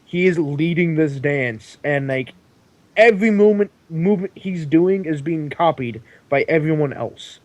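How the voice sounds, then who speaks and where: A male game master narrating a tabletop game, tumbling over his words and circling back before settling on a point. His voice sits somewhat high for a man, and the recording is dry and close. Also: lively intonation, moderate pace, darkish tone, no room sound, highs cut off. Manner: rambling, repeats words.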